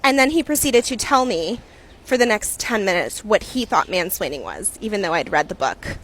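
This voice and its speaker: Woman, mid-pitch, chatty anecdote, ums and asides. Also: sing-song, normal speed, a bit bright, slight background noise. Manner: chatty, with many fillers and asides. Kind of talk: casual storytelling to camera.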